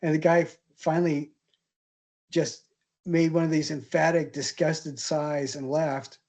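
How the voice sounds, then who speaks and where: A male instructor relaxes into storytelling mid-class, his voice warm and low in tone. He rambles with plenty of ums and restarts, chuckling at his own punchlines. It sounds like a classroom. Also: flat delivery, a little slow. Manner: chatty, hesitant, laughs at own stories. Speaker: art history instructor. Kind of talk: casual anecdotal storytelling in class.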